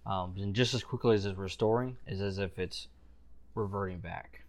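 A male game master narrates a tabletop role-playing scene in a fairly low voice. He describes the action slowly and loosely, with casual fillers.

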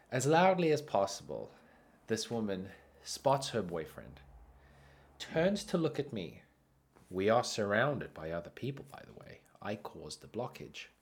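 A man who is sick, hosting a podcast and telling a story in a casual, laughing way. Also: low voice. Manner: animated, laughs through his own story. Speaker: podcast host.

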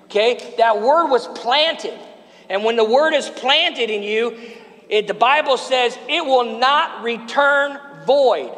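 A high-pitched male pastor preaches to his congregation, prompting them to answer back and turn to their neighbors. His voice carries through a church hall with a long trailing reverb. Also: takes it slowly, a bit bright. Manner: preaching with call-and-response to the congregation. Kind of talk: sermon. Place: church sanctuary.

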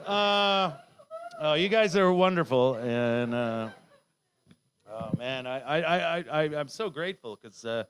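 A middle-aged man performing a rambling, self-heckling stand-up set, now and then bursting into shouts. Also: mid-range voice, animated, a little slow. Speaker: stand-up comedian.

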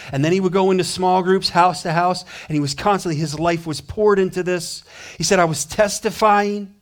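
This is a male pastor giving a lively sermon, voicing the people he quotes and alternating between forceful declarations and low, subdued passages.

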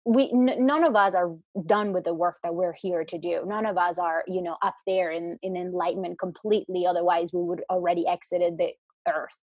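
A woman's voice: fairly low pitch, steady tone, fairly quick, darkish tone, breathy edge, no room sound. A woman talking about spiritual work in casual chat, rambling with many restarts and fillers. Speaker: spiritual guest.

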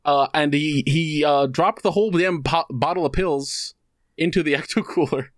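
A man's voice: a little high, normal speed, no echo. Rambling male podcast host, dry sound. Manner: rambling storyteller, many fillers, acts out quotes. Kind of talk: casual chat.

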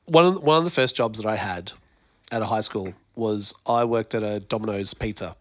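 An Australian man chatting as a podcast guest, his voice bright and forward. He tells stories with animated energy, often doubling up his words at the start of a thought. The sound is dry and close, with little room around it. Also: on the low side, moderate pace, no room sound. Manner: storytelling, animated, repeats words when starting. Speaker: guest musician and presenter. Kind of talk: casual podcast chat.

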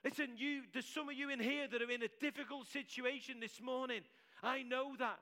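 A man delivers a sermon to a church congregation with a notably high, bright and forceful voice. He talks with emphatic conviction and keeps doubling his key phrases to drive them home. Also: fairly even intonation, fairly quick. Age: adult with several children. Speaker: preacher.

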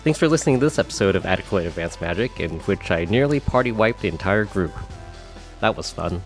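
Man, dungeon master, low voice, casual self-correcting narration, faint background music. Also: expressive, brisk. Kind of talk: narrating a tabletop game.

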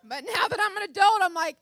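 A middle-aged woman giving a humorous devotional talk at a church women's session, animated and laughing often. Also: very high voice, dry recording, studio quality.

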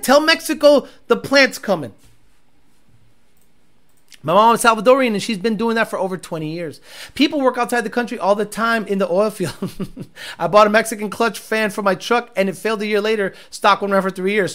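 Man, casual livestream host, reading viewer comments, excitable, profane, very expressive pitch. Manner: animated, blunt and profane, gets excited over engines. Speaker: automotive channel host.

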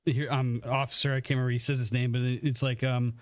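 A man's voice: mid-range voice, little pitch movement, quick pace, no echo, clean studio sound. A man co-hosting a podcast, retelling a story in a rambling, casual way full of ums.

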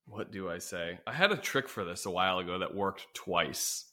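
A man's voice: low-pitched, expressive, moderate pace, very noisy. A man co-hosting a podcast, chatting casually and joking back and forth. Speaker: podcast co-host. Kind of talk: casual conversation.

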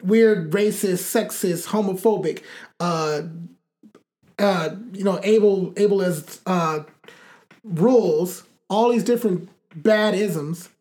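A man's voice: high voice, takes it slowly, a little mellow. A man co-hosting a casual chat, talking bluntly and emphatically, with profane and fiery rants.

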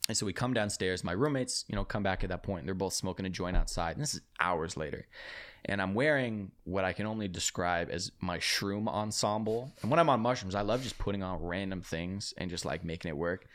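A man telling a long story on a casual podcast, swearing a lot and acting out the people in it loudly. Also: deep voice, fairly quick. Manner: animated, profane, acts out quotes loudly. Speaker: podcast guest.

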